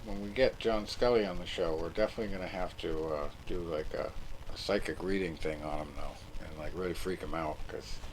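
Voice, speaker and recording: Male podcast host, low voice, rambling casual chat, easy laughter, faint room noise behind. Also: a little fast.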